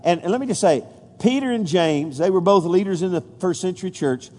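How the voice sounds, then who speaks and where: A man's voice: sits high, expressive, fairly quick, a little mellow. A pastor preaching a folksy sermon, stumbling over fillers and restarts, then rising with emphasis when he reads scripture. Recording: long reverb of a large hall.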